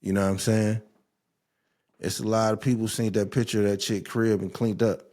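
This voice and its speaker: Low, dark-voiced man in profane rant. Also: normal speed. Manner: animated, profane storytelling with mocking rants. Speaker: podcast host. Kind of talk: casual chat.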